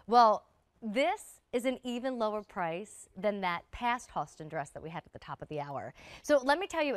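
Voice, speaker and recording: A woman in her thirties hosts a live TV shopping show from a studio, chatty and gushing as she addresses viewers directly. Her mid-range voice is clear and resonant, in a dry recording.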